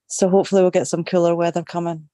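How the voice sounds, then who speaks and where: A woman's voice: lowish voice, flat delivery, quick pace, warm tone, dry recording, studio quality. Chatty Scottish woman with Aussie twang. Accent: Scottish with a slight Australian twang. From Scotland. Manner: chatty, upbeat, swears casually. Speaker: group call participant. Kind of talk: casual chat.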